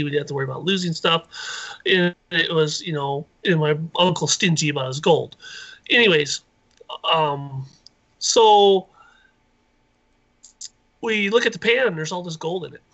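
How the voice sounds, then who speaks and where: A man telling a rambling, excited story as a guest on a live call-in show. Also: on the high side, muffled recording. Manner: rambling, excited, acts out quoted voices. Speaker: inventor and guest.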